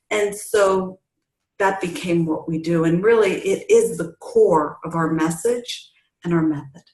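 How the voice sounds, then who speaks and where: Animated middle-aged woman coach, roomy sound. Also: on the low side, a little slow. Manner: animated, acts out quoted voices. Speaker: family recovery coach, guest. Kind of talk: storytelling interview answer.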